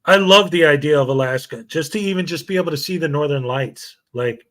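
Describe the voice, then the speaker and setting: A man from Chicago with a Chicago accent, hosting a casual livestream in a relaxed, rambling way and chuckling often. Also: a little high, a little fast. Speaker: show host.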